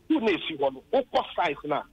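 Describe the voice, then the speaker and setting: A man's voice: on the high side, very animated, a little fast, husky, muffled recording. A Ghanaian man, a former district chief executive, calls in to a radio program and complains at length, impassioned and indignant as he retells his arguments.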